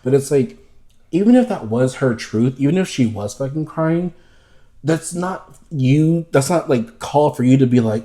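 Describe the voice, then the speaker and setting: A man's voice: mid-range voice, animated, normal speed, dark tone. A man hosting a podcast in casual chat, ranting with heavy profanity and emphatic repetition. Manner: campy, mocking quoted voices. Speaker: podcast host.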